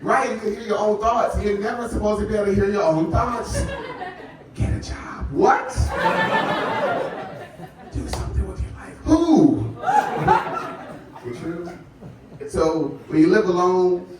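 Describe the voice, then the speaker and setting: A man doing a stand-up set at a live comedy show, conversational and laughing through his jokes. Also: fairly high pitch. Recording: echoey room from far off, loud noise.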